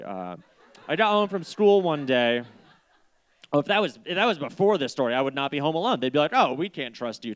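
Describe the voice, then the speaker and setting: Young male stand-up, digressive and self-mocking, lively swooping delivery, smooth clear tone. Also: mid-range voice. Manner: rambling, self-deprecating, digressive. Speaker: stand-up comedian. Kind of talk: stand-up storytelling. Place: small community stage.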